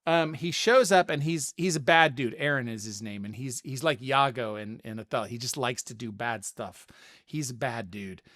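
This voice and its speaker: A middle-aged man hosting a casual podcast, talking through ideas in an animated way and often repeating words as he thinks. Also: mid-range voice, moderate pace. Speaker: podcast host. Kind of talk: casual spoken commentary.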